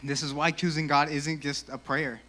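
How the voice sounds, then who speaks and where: A young man giving a casual, animated youth sermon in a church, peppered with "like," and a little out of breath. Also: a little high, normal speed. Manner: casual, animated, lots of 'like'. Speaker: youth speaker.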